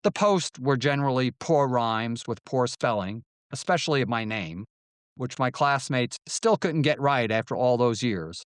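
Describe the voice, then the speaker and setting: A man's voice: medium pitch, animated, normal speed, a bit bright, no echo, studio quality. A man narrating his own memoir in a wry storytelling manner, now and then voicing quoted lines. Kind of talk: audiobook memoir reading.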